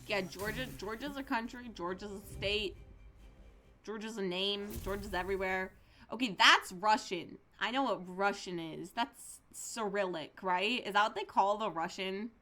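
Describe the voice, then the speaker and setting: Bright, playful woman streamer. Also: medium pitch, normal speed. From California. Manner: playful, sarcastic, rambling chat with sudden loud outbursts. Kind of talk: live game stream chat.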